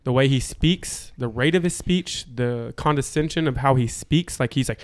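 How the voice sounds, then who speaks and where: A man's voice: medium pitch, moderate pace, no room sound. A man co-hosting a casual podcast chat, talking emphatically and checking in with "right?" as he explains his point. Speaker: podcast co-host.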